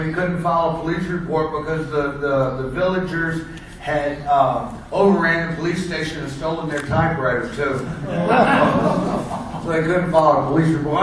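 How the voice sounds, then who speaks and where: American ex-wrestler holding court, rambling and chuckling, a touch high, heard from across an echoey hall with faint hiss. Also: male voice. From United States. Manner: rambling, laughs at his own stories. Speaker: wrestler telling road stories at a seminar. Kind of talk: casual storytelling to an audience. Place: seminar room. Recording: echoey room, mic far off.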